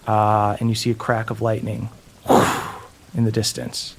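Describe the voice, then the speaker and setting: A man narrating a tabletop game as game master, relaxed and full of ums and uhs. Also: lowish voice, a little slow, creaky, long pauses, a little hiss or hum.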